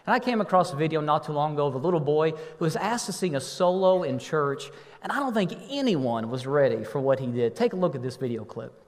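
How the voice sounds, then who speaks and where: A man's voice: fairly high pitch, animated, fairly quick, hardly any pauses, in a large hall. A man in his thirties preaching a sermon as pastor, telling family stories and playfully getting the congregation to respond. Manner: warm storytelling, playful with the congregation. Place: church sanctuary.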